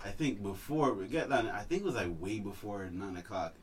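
A man telling a story to friends in relaxed casual chat. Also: lowish voice, brisk.

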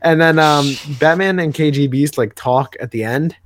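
A man's voice: fairly high pitch, normal speed, slight background noise. A man co-hosting a podcast, rambling casually with many fillers and restarts. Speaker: podcast co-host. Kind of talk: casual chat recapping comics.

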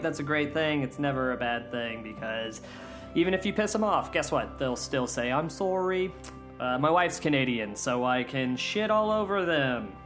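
A man's voice: mid-range voice, fairly bright tone. A man hosting a comedy podcast, talking in a loose, candid and profane casual monologue.

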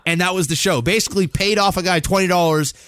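A man in his thirties telling a story on a podcast, animated and full of swearing. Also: high-pitched, fast talker, clear, resonant tone, dry recording, clean studio sound, soft background music. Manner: animated, swears a lot, acts out quotes. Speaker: podcast co-host. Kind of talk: casual storytelling.

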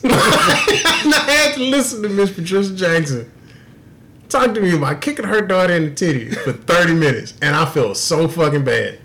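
A young man tells a story on a casual podcast, full of swearing, and laughs through his own punchlines. His voice sits fairly high and swoops widely as he tells it. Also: big pitch swings, normal speed, bright, forceful tone, slight background noise. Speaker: podcast co-host.

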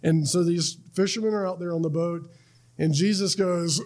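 A man's voice: sits high, steady tone, moderate pace, a little mellow. A man preaching a sermon in a conversational way, often restarting words and checking in with "right?". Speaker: pastor.

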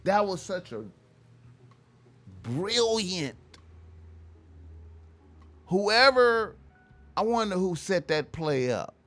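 A man's voice: high-pitched, sing-song, drawn-out words, pauses often, a bit bright. A young man, ranting casually and profanely, repeating himself and tacking "man" onto his lines. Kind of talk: casual rant to camera.

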